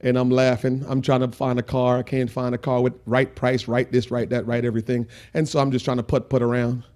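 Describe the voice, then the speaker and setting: A man preaching a sermon in church as pastor, swinging between loud preaching and quiet storytelling. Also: medium pitch, flat delivery, brisk.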